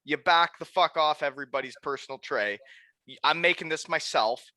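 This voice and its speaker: A man hosting a casual podcast chat, excitable and swearing freely. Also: fairly high pitch, a little fast, no room sound. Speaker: podcast host.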